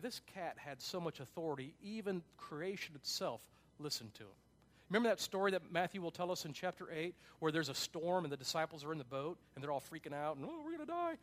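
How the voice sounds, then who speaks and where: A pastor preaching a sermon, emphatic, swinging between loud passages and quiet ones. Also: male voice, fairly high pitch.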